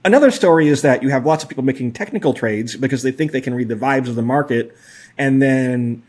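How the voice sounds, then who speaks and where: A man's voice: mid-range voice, fast, darkish tone. A man in his forties co-hosting a podcast, talking through data in a casual, hedging way with lots of fillers and a wry edge. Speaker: podcast co-host. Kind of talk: casual analytical chat.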